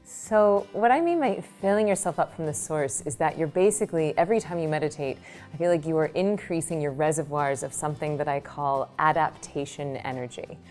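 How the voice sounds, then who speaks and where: A woman meditation teacher answering interview questions, telling lively examples with quick asides. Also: sits low, soft background music.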